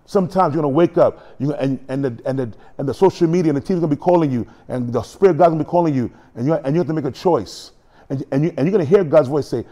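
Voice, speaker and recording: Male pastor preaching, goes up and down a lot, jokey, puts on little voices, warm tone. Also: on the high side, quick pace. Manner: animated preaching, acts out voices and quotes. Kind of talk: sermon.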